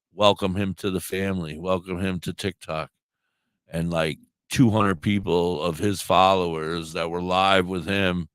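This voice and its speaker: Low-voiced man with a sore throat. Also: smooth, no room sound. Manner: animated, acts out quoted dialogue, swears freely. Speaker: puppeteer and live streamer. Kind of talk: casual storytelling on a radio talk show.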